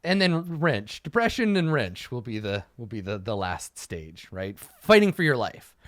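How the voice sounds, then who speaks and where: A man's voice: medium pitch, sing-song, a little slow, fairly bright tone, no echo, studio quality. A man talking casually as a game master, thinking aloud while he prepares a campaign session, swearing freely and acting out quotes. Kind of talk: casual solo campaign prep talk.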